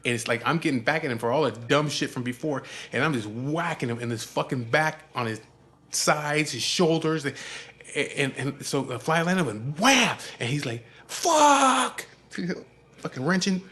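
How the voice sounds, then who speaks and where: A man's voice: mid-range voice, normal speed, a bit bright. A man telling a story in a casual, profane, laid-back way.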